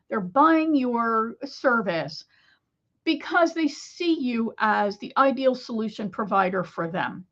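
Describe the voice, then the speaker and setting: A woman business coach talking to camera, telling a client story with animated, lively asides. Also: fairly high pitch, muffled recording. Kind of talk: solo talk to camera.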